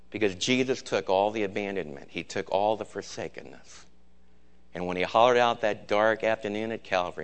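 A man preaching a sermon as pastor, swinging between loud cries and hushed, low lines.

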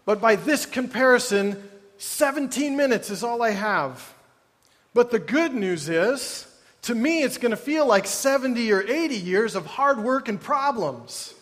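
A man's voice: very high-pitched, animated, measured pace, a bit bright. A man preaching a sermon in a conversational way, with wry asides and mock groans. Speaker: pastor. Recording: long hall reverb.

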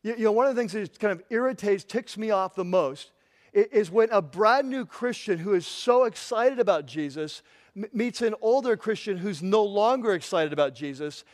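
Male pastor, very high voice, fervent sermon delivery, repeats his questions. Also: lively intonation, normal speed. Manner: impassioned, repeats questions, grows loud and intense.

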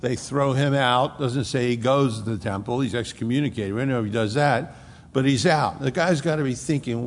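A man preaching a conversational sermon, retelling a scripture story in a folksy, animated way. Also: medium pitch, normal speed. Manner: folksy and animated, acts out the characters. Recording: echoey hall reverb.

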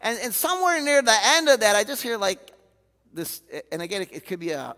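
A man preaching a sermon as a pastor, candid and animated, often acting out the voices he quotes. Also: high voice, fairly quick. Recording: reverberant hall.

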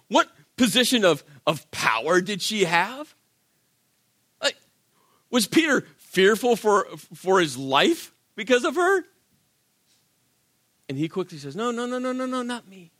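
Animated high-voiced male preacher. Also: unhurried, long pauses. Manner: animated storytelling, acts out quotes, rhetorical questions. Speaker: pastor. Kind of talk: sermon.

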